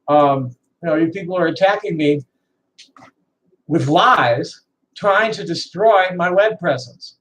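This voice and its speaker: A trans woman in her sixties ranting to camera in a profane, defiant, bitter way, halting and repeating words with laughing asides. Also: fairly low pitch, low-quality recording. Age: 60s. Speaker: vlogger. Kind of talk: unscripted rant to camera.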